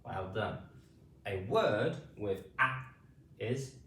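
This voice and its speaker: A British man teaching phonics, repeating drawn-out vowel sounds slowly for beginners. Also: lowish voice, expressive, fairly bright tone, roomy sound, recorded from a distance. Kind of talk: slow spoken pronunciation lesson.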